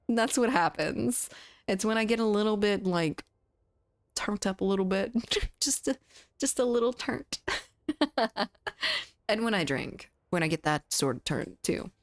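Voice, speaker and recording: A woman's voice: mid-range voice, expressive, a little slow, pauses often, no room sound. A woman with a Southern US accent chatting casually with her livestream chat while playing a game, laughing often and swearing freely. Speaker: streamer.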